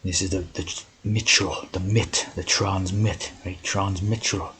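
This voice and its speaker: A man's voice: low-pitched, fairly even intonation, a little slow, a bit bright, a little hiss or hum, poor audio. A man talking in a rambling monologue, constantly tagging his sentences with "right?" and "you know".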